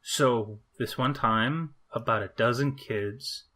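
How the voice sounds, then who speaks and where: A young podcast co-host tells an anecdote in casual conversation, animatedly acting out the voices of the people involved. He speaks slowly in a mid-range voice.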